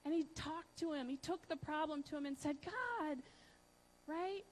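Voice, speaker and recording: A woman preaching a conversational sermon, asking her listeners questions and using many fillers. She swings between loud emphasis and soft, hushed lines. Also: high-pitched, steady tone, fairly quick, slight background noise, rough recording. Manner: chatty, asks the audience questions, many fillers.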